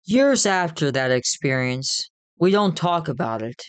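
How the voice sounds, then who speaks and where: A man narrating his own ghost story in the first person, in a plain, measured way. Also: on the high side, animated, clear, resonant tone, no room sound.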